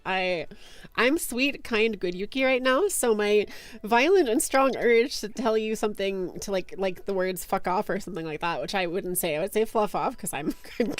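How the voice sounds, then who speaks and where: A woman's voice: medium pitch, moderate pace, soft background music. A young woman streaming, chatting casually and giggling as she reads chat aloud.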